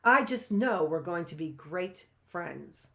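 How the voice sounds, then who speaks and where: A woman's voice: on the low side, animated, slow, gravelly, bright, forceful tone, heavily acted. A woman voicing a cool, sly young woman who speaks sweetly and demurely in a storybook reading. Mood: coy.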